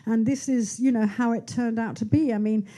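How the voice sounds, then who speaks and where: A woman's voice: on the high side, fairly even intonation, moderate pace, mellow. A woman in her sixties, an author speaking at her book launch in a bookshop, chatty and rambling with many restarts and asides. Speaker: author being interviewed. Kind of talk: onstage conversation at a book launch. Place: bookshop event in front of an audience.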